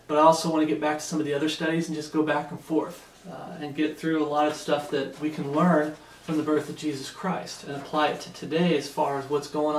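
This man's voice is slightly high, and the recording carries a little hiss or hum. He preaches a Bible teaching with sermon-like emphasis, over and over asking his listeners "Okay?", captured far from the mic in a room full of echo.

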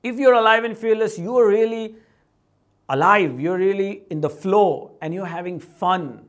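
High-voiced man with an Indian English accent. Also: measured pace. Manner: animated, breaks into playful voices of family and colleagues. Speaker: vlog host. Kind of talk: casual motivational vlog talk.

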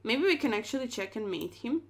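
A woman's voice: a little high, very animated, a little fast. A young woman streaming chess, commentating her moves with playful slang and dramatic exclamations.

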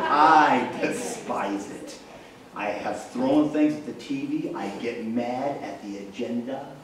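A man's voice: medium pitch, slight background noise. New guy preaching, jokey storyteller, really echoey church, mic kinda far off. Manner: animated, jokey, walks about the room. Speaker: evangelist preacher. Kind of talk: storytelling sermon with humor. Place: church sanctuary.

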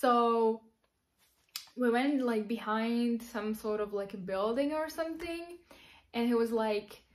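A young woman, her voice sitting a little high, tells a personal story straight to camera. She talks casually and giggles often, leaning on fillers as she goes. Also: takes it slowly. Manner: chatty, giggly, many fillers. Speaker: vlogger.

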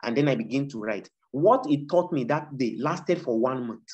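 A man's mid-range, slightly mellow voice carries lively intonation at normal speed and a Nigerian accent. He discusses his book in an emphatic, sermonizing way, repeating key points to encourage listeners, over dull lo-fi audio.

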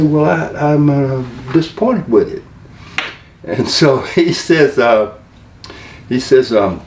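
Speaking slowly in a mid-range voice, this older former wrestling manager from the American South tells career tales in a lively, folksy way and voices the quotes himself. The interview mic is distant, with room echo and a faint hiss.

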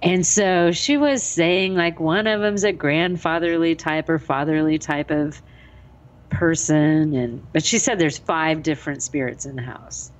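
A woman's voice: deep voice, unhurried. A woman co-hosting a paranormal podcast, telling a story with lots of laughter. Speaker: podcast co-host. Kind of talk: casual podcast chat, storytelling.

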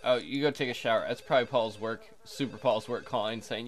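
A man's voice: lowish voice, steady tone, fairly quick, few pauses. A man hosting a casual let's play, joking crudely and chatting to the characters on screen as he plays. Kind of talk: casual game commentary.

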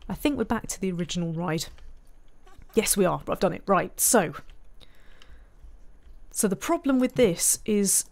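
A woman's voice: mid-range voice, animated, unhurried, pauses often, darkish tone. A woman giving casual let's-play commentary, chatting to herself and muttering frustrated asides while she builds. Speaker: game streamer.

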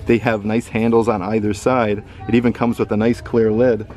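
A man's voice: on the low side, little pitch movement, moderate pace, darkish tone. A man filming a casual shopping vlog in a store, upbeat and enthusiastic as he shows items and their prices. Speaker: vlogger. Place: indoor retail store.

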